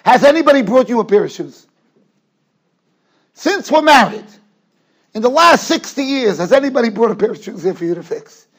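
A man's voice: very high-pitched, animated, moderate pace, long pauses. A man voicing an elderly wife who teases her husband, needling and pleased with herself, in a yeshiva study hall. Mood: teasing.

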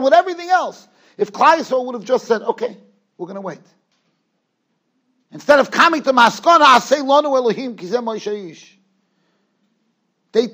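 A man giving a lecture as a rabbi, emphatic one moment and hushed the next, often repeating his phrases. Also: very high-pitched. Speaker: rabbi giving a Torah class. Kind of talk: yeshiva lecture. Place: yeshiva study hall.

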